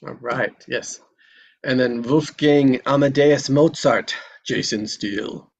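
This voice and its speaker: A man's voice: mid-range voice, takes it slowly, husky, dull audio. A man hosting a live table read, calling on each guest to introduce themselves. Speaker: host.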